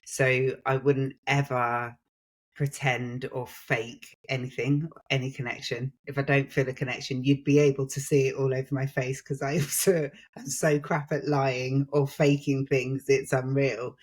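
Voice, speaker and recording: A British woman, a guest on a podcast, talking earnestly and a bit haltingly about her experience. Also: a bass voice. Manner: earnest, halting, with frequent fillers and soft laughs. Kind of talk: casual chat.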